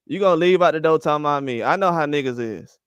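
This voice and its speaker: A man's voice: fairly high pitch, fast, smooth, no echo. A man ranting about boxing with heated, profane speech and repeated rhetorical questions. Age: older. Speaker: boxing commentary host. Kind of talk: heated opinion rant.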